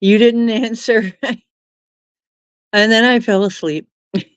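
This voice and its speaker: Slow, laughing woman streamer. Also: on the high side, fairly even intonation, clear, resonant tone, no echo. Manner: giggly, laughs often while reading chat. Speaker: live stream host. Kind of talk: casual chat with live viewers.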